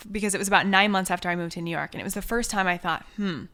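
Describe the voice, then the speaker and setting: A woman's voice: mid-range voice, racing. A young adult woman, an author and coach, talking earnestly and reflectively as a podcast guest. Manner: earnest, reflective, animated when quoting herself. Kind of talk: conversational interview.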